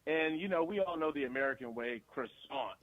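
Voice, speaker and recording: A man's voice: fairly high pitch, lively intonation, fast talker, no room sound, narrow, tinny audio. A male guest actor in a casual radio interview, talking loosely and animatedly with frequent laughs.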